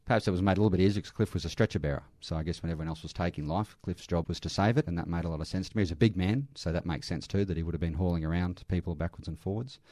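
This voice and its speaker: A man's voice: deep voice, rapid-fire, few pauses, dark tone, no room sound, studio quality. A middle-aged Australian man, an army veteran working in aged care, telling earnest stories in an interview with restarts. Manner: earnest, anecdotal, with frequent restarts and light laughs. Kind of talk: conversational interview storytelling.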